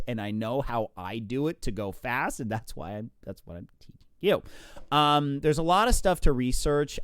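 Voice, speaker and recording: Man, casual swim coach, smooth resonant voice, dry recording, animated. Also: medium pitch, no room sound. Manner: chatty, animated, counts out strokes. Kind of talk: casual instructional talk.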